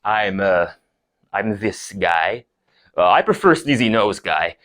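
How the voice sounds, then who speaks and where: A self-important comedian, played by a man, murmurs in a low, soft and precious voice, savoring his own words. His pitch still rolls up and down theatrically. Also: very animated, slow pace, full character voice. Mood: pompous. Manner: hushed, affected and pompous.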